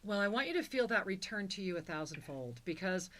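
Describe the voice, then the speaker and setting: A woman's voice: mid-range voice, lively intonation, brisk, a bit bright. A woman co-hosting a call-in spiritual talk show, speaking in a soothing, affectionate way as she gives a caller a soul reading. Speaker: co-host and spiritual teacher.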